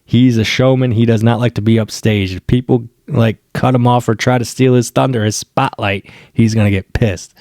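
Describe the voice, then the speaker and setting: Excited man rambling through a review. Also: medium pitch, moderate pace, few pauses, dry recording, studio quality. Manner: excited, rambling, with slang and swearing. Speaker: TV episode reviewer. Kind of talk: casual spoken review.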